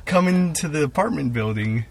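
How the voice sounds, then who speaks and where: A young man in casual podcast chat, rambling through a story with plenty of fillers and swearing. His voice sits a little high for a man, with faint hiss in the background. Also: lively intonation, normal speed, creaky. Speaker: guest co-host and comedian.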